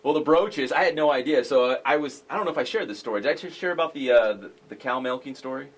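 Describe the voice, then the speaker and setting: A man hosting a sports talk show, speaking in an excitable, jokey way. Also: medium pitch, fast talker.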